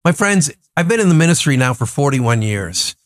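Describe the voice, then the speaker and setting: A man's voice: mid-range voice, big pitch swings, normal speed. A man in his sixties, a pastor giving a daily devotional sermon in an earnest, emphatic way, stacking up rhetorical questions and lists.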